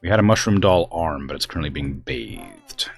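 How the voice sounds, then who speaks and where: A man's voice: rumbling low, expressive, moderate pace, slightly rough, faint music behind. A man from the US West Coast streaming a game, chatting casually and rambling with lots of fillers. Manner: rambling, filler-heavy, exasperated about family. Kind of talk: casual chat while gaming.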